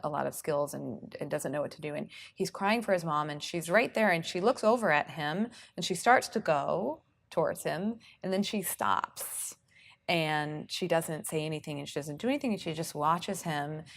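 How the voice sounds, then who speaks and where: Low, gravelly woman therapist explaining. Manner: relaxed, with frequent "um" and "you know". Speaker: therapist presenting to parents. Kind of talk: conversational presentation talk. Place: speaking at a public awareness event.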